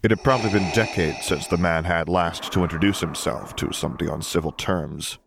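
A man reading a story aloud in measured, dry narration. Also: low-pitched, gravelly, noisy background. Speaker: audiobook reader. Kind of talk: scripted narration of fan fiction.

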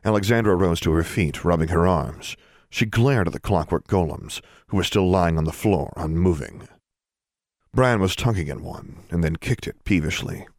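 A man narrating an audiobook in an even, measured storytelling manner. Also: deep voice, no room sound, clean studio sound.

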